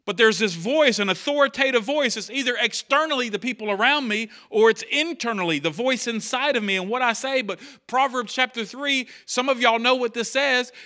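A man's voice: high voice, pushed and bright. A man preaching a sermon in church, talking conversationally, repeating key phrases and acting out quotes. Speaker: pastor.

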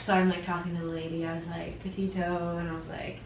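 A woman with a fairly low voice shares an anecdote in easy conversation and laughs as she goes. The recording is roomy and a little distant, with faint noise underneath. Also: flat delivery, fast talker, vocal fry. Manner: laughing, chatty storyteller. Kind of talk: casual chat.

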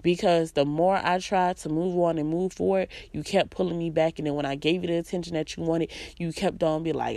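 Low-voiced woman venting bluntly. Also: normal speed, creaky, hardly any pauses, warm tone, no room sound. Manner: emphatic, blunt, profane, repeats phrases for emphasis. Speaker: vlogger. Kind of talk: venting personal monologue.

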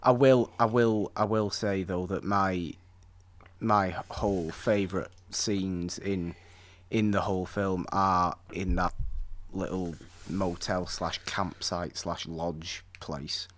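A man with a fairly low voice talks casually about an old film. He rambles with enthusiasm and trips over his own restarts as he builds a point. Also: fairly even intonation, slow, a bit bright.

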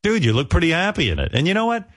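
A man's voice: fairly high pitch, wildly swooping pitch, very fast, fairly bright tone, dry recording, clean studio sound. A middle-aged man hosting a radio show, bantering wryly and swearing casually. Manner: wry, joking, swears casually. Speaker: radio host.

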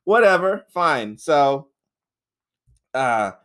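A man co-hosting a podcast, reviewing a film in casual, profane, rambling chat, laughing often and acting out characters in high voices. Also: big pitch swings, extremely slow, a bit bright, clear, resonant tone. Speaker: podcast co-host.

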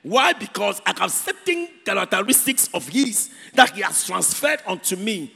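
A Ghanaian man preaching in a church with a high, husky, gravelly voice. He drives points home by repeating words and lifts some phrases into a sing-song. The sound rings with the long reverb of a church hall. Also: very animated, moderate pace, pushed and bright, faint music behind. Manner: emphatic, repeats key words, sings out phrases. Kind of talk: sermon.

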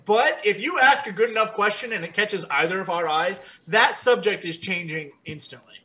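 A man's voice: sits high, lively intonation, moderate pace, bright, forceful tone. A man co-hosting a livestreamed podcast, joking in a playful, hyped-up way. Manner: playful, hyped, calls people brother. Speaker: podcast co-host. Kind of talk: casual chat, livestreamed podcast.

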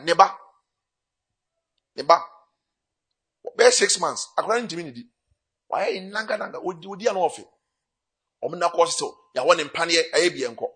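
Husky, high-pitched Ghanaian preacher man. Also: pushed and bright. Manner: preaching with rising bursts, mixing Twi and English. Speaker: pastor. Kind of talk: sermon.

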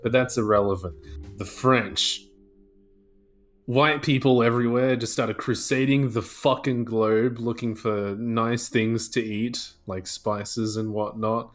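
A man's voice: mid-range voice, steady tone, slow pace. A man telling a rambling, profane, joking history rant in a casual podcast chat over a video call. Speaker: podcast co-host. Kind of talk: casual chat, comic storytelling.

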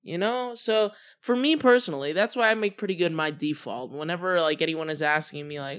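Young adult podcast host, mid-pitched voice, loose and chatty delivery full of ums and trailing thoughts. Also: a little fast, few pauses. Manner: relaxed, chatty, with many fillers and trailing thoughts. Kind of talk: casual solo podcast talk.

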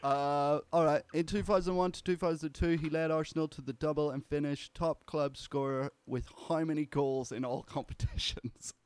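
A man's voice: fairly high pitch, steady tone, moderate pace, few pauses, darkish tone, clean tone, no echo. A man acting as quizmaster on a podcast, reading questions in a laid-back way. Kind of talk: casual chat.

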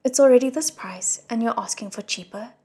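A woman voicing a gruff, greedy old male scam cultivator in a storybook reading, quarrelsome and scornful. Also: a little high, moderate pace, darkish tone, lightly acted.

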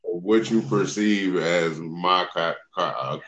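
Very deep-voiced man on a dull call. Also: slow pace, a bit bright. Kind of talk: casual group chat.

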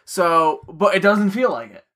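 A man's voice: high voice, animated, a little slow, bright, forceful tone. A man co-hosting a podcast, giving thoughtful opinions in casual chat. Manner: thoughtful, opinionated film talk. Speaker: podcast co-host.

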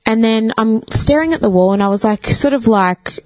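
A woman's voice: on the high side, normal speed, no echo. A woman co-hosting a podcast, telling a personal story in casual chat, swearing freely and leaning on "like". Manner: chatty, swears freely, leans on "like".

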